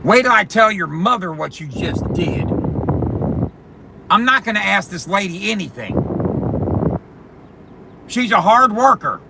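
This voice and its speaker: A man in a car playing an exasperated dad who loudly nags his kids. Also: high-pitched, lively intonation, measured pace, vocal fry, pauses often, pitched above the performer's own voice, full character voice. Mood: scolding. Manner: loud, nagging, theatrical. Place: inside a car. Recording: car engine noise.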